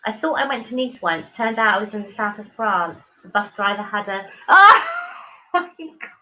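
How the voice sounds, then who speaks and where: Talking fairly quickly in a mid-range voice, this livestream host chats casually and gushingly with her audience. She reads out viewer comments, often saying um and starting over. Her audio has a dull, lo-fi stream quality.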